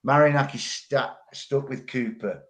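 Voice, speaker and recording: A middle-aged man, chatting on a football podcast. His pitch sits mid-range for a man, and he tells long stories and restarts his words as he goes. The talk is loose and conversational. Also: unhurried, fairly bright tone. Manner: long-winded storytelling, repeats words. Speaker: pundit. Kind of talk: casual football podcast chat.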